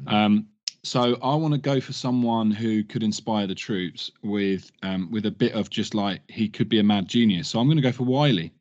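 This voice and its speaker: A man's voice: lowish voice, moderate pace, a little mellow. A man hosting a casual hip hop podcast, rambling with fillers. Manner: laid-back, rambling with fillers. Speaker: podcast host. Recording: dull lo-fi sound.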